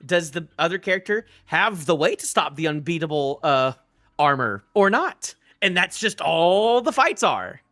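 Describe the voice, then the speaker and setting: A young man streaming live, ranting excitedly and casually about a manga, rambling with stumbling restarts and the odd swear. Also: fairly high pitch, measured pace. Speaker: streamer reacting to a manga chapter. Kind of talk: live reaction rant, casual.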